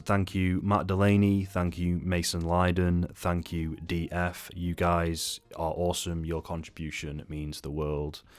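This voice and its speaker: A man with a deep, low voice talks through an unstructured film review. He is exasperated and sweary, and he rambles from point to point.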